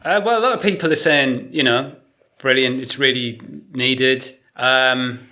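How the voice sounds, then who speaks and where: A middle-aged man from England talks in a loose, animated way, often breaking into laughter. His voice is bright and forward, at an ordinary pitch. He sounds like a podcast guest chatting casually. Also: measured pace. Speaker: guest artist. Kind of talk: casual chat.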